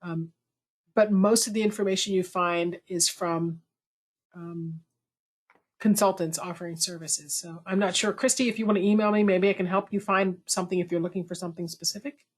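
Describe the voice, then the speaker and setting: A woman hosting a webinar over a video call, talking in a chatty, lively way with self-deprecating asides. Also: fairly low pitch, normal speed. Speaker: webinar host. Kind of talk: conversational webinar talk.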